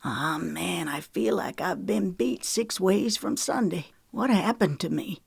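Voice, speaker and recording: A woman reading the part of a gruff older man, a former soldier, in a hushed, grumbling way. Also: lowish voice, expressive, unhurried, no echo, exaggerated voice. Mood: hushed earnest.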